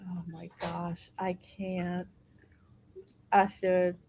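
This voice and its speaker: A woman hosting a casual podcast, reacting to videos in an animated way and laughing often. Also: drawn-out words, rough recording. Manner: animated, laughs often, high bursts when excited. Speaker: podcast host.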